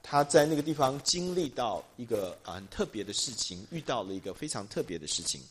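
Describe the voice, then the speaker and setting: A man's voice: medium pitch, sing-song, fairly quick, slight background noise. Man interpreting a sermon, hesitant. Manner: hesitant, many filler sounds. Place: church.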